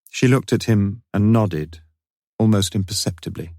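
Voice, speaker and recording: A man reading a mystery audiobook in measured, wry narration. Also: on the low side, warm tone, no echo, clean studio sound.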